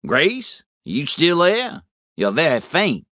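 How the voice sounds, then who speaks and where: A man voicing an exasperated businessman talking on his cell phone, raised and lively. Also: on the high side, takes it slowly, dry recording, studio quality, voice pushed up, full character voice. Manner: brash, exasperated.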